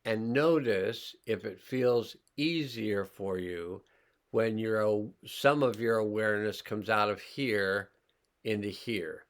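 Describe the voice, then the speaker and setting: A man teaching a healing class, slowly and calmly talking listeners through sensing their body and emotions. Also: on the low side. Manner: slow, calm, pausing, guiding listeners' awareness. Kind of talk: slow guided healing demonstration.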